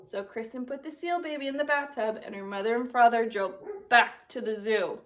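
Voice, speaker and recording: Young female teacher, lively read-aloud, lightly distant home recording. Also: fairly high pitch, normal speed. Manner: animated storytelling with expressive character voices. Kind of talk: reading a picture book aloud to children.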